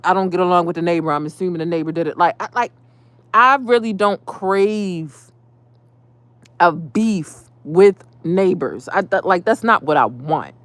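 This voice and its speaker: A woman's voice: medium pitch, dry recording. Woman ranting with heated profanity. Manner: animated, profane, venting. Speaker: vlogger. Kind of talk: casual storytime rant.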